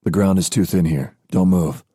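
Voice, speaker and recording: Man doing a guarded vampire fighter, low dark voice, clipped, audiobook. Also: normal speed, husky, dry recording. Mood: curt. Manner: curt, dry. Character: battle-hardened male vampire, terse and guarded. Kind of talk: audiobook character voice.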